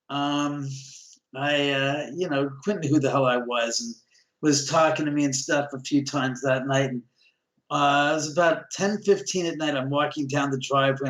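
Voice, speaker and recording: Animated man telling a story, roomy sound. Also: medium pitch, moderate pace. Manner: lively, acts out quoted dialogue, chuckles often. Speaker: guest. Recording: roomy echo.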